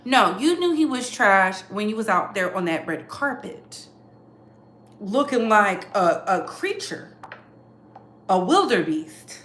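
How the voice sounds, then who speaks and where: Sassy bright-voiced woman dishing gossip. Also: medium pitch, sing-song, slow, echoey room. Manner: sassy, emphatic, repeats lines for effect. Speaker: commentary channel host. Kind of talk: casual celebrity gossip commentary.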